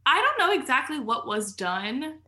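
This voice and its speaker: A woman's voice: sits high, very animated, moderate pace, pushed and bright. A woman guest on a podcast, telling stories in casual chat, full of "like" fillers and laughing as she goes. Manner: chatty, filler-heavy storytelling with frequent laughs.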